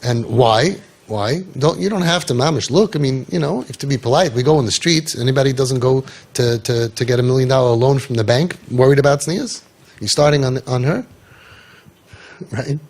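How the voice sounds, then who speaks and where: A man's voice: medium pitch, normal speed, darkish tone. A man coaching parents in an impassioned talk, telling stories and firing off rhetorical questions with emphasis.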